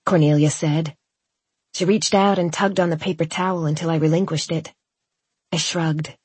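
A woman reading a first-person novel aloud, with wry, lively narration and voiced dialogue. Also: low voice, normal speed, husky, dry recording. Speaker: audiobook narrator.

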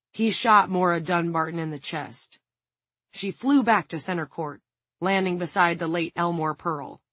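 Brief: woman narrator, husky, lowish voice, dry close recording, even storytelling. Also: no echo. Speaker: audiobook narrator. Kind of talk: scripted narration.

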